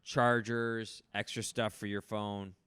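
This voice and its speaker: Low-voiced man telling funny stories. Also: slow pace, clear, resonant tone, no echo. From United States. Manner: animated storyteller, laughs mid-sentence. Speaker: podcast host. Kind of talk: casual comedic chat.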